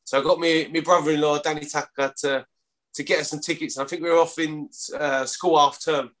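A London rugby player in his thirties chats casually as a guest, rambling with stumbling restarts and some swearing. His London-accented voice is on the high side and fairly bright, with fairly even intonation and a slightly fast pace.

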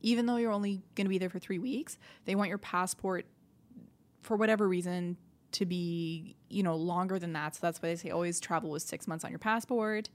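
A woman's voice: lowish voice, fairly quick. A woman, a comedian guest, talking in blunt, chatty style on a podcast and explaining things at length. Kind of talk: casual chat.

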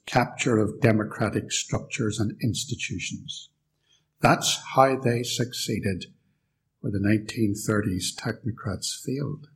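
A man's voice: fairly low pitch, low-quality recording. A man from the United Kingdom giving a live lecture in a church, sardonic and fond of rhetorical questions. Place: church hall.

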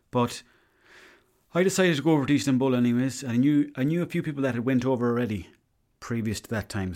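A man's voice: medium pitch, a little mellow. A young Irish man hosting a podcast, telling a long story in a rambling, profane way and slipping into quoted asides. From Ireland. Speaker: podcast host. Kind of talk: casual storytelling monologue.

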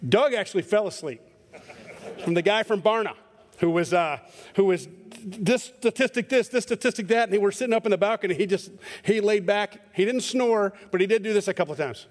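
Middle-aged pastor preaching in a reverberant hall. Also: male voice, high-pitched, normal speed, slight background noise. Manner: conversational and self-deprecating, acting out voices in stories. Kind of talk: sermon with storytelling. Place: church sanctuary.

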